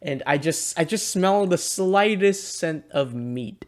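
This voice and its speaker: A man's voice: on the high side, expressive, slow. A young man co-hosting a podcast, telling stories in casual chat and laughing often. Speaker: podcast co-host.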